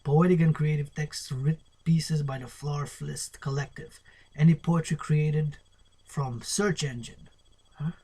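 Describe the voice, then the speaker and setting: Husky man murmuring a poetry glossary. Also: a little high, steady tone, a little slow, warm tone. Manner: playful, spells words letter by letter, drifts to murmurs. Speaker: poet reading a poetry glossary. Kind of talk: solo spoken-word poetry lesson.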